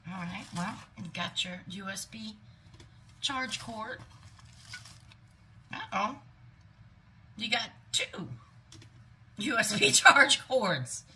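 Gushing woman vlogger, bright voice. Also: on the high side, animated, extremely slow, pauses often, slight background noise. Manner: gushing, exclaims often, whispers asides. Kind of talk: unboxing vlog, casual chat.

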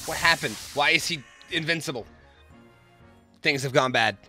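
A young man narrating and reacting to a survival game, excitable and profane, often yelling at the enemies he fights. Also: on the high side, normal speed, faint music behind. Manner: excitable, swears, yells at the game. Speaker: gaming YouTuber. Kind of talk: narrated gameplay commentary.

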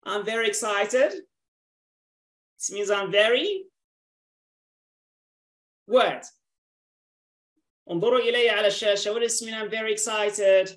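A patient woman with a medium-pitched voice teaches English in an online class over a video call. Her first language is Arabic, and she repeats words slowly, switching to Arabic when she needs to explain something.

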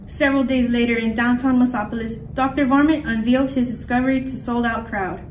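Storybook reader, woman, high voice, lively, echoey room recorded from afar. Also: a little fast. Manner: lively expressive reading. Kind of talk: reading a picture book aloud. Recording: echoey room, mic far off, faint noise.

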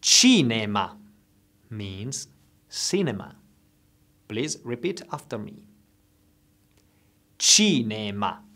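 A man teaching travel phrases, saying each one slowly and clearly so listeners can repeat after him. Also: medium pitch, sing-song. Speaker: language teacher. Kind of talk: slow instructional phrase drills.

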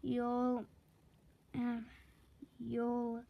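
Slow, careful woman reading a storybook. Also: on the high side, monotone, gravelly, phone-quality sound. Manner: slow, careful read-aloud with self-corrections; chatty asides about the pictures. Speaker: reader. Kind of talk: reading a chapter book aloud.

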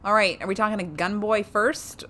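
A woman streams a game playthrough with casual let's-play commentary, chatting, laughing often, and swearing freely. Her mid-range voice is a bit bright with fairly even intonation at a normal speed, and there's slight background noise.

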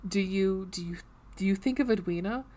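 A woman voicing a hurt, insecure young woman in very quiet whispers as she reads a romance novel aloud. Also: medium pitch, normal speed, close to an everyday voice. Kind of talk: reading a novel aloud on a podcast.

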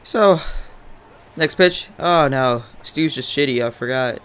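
A young gaming commentator with a smooth, mid-range voice talks slowly over a baseball video game. His commentary is profane and rambling, full of deadpan jokes.

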